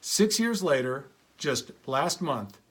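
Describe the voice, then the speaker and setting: Middle-aged male speaker, earnest motivational storyteller, slightly high voice, acts out dialogue. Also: sing-song, slow pace, a bit bright, slightly rough. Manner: earnest, shifts pitch to act out quoted dialogue.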